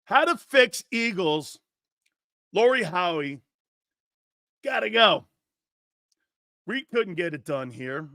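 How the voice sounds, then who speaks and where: A brash male sports talk host with a high, sharp, bright voice. He rants in a loud, mocking and profane way and often shouts. The sound is close and dry. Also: big pitch swings, slow, long pauses, no echo.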